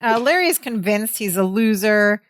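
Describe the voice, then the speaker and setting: A woman's voice: mid-range voice, lively intonation, moderate pace, dry recording, studio quality. A woman co-hosting a podcast, casually retelling sitcom scenes and quoting the dialogue. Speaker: podcast co-host. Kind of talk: casual chat recapping a sitcom.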